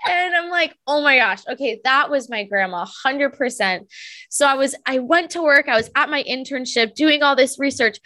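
A young woman, a medium and podcast guest, telling a personal story in a casual, animated way with frequent laughs and lots of "like" fillers. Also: high voice, normal speed.

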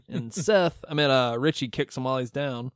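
A man's voice: mid-range voice, normal speed, smooth, no echo, clean studio sound. A man co-hosting a casual movie podcast, recapping scenes and acting out lines with laughter. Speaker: podcast co-host.

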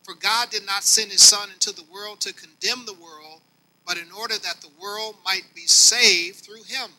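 Male pastor, older, folksy sermon delivery with a high, very bright tone. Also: steady tone, moderate pace, rough recording. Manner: preaching with swings between soft and loud; folksy, talks directly to the congregation.

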